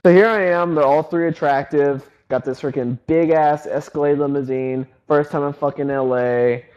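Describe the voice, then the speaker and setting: A young man in his twenties, a website founder and podcast host, telling stories in a casual, excited, rambling way full of filler words. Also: a little high, moderate pace, dull audio. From North Carolina, US. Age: 20s. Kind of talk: casual storytelling chat.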